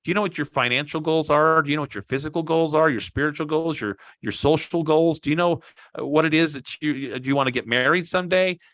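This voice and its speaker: A man's voice: on the high side, fast, a bit bright, dry recording. A man giving a motivational talk to an online group, emphatic, repeating key phrases and joking with his listeners. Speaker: motivational speaker.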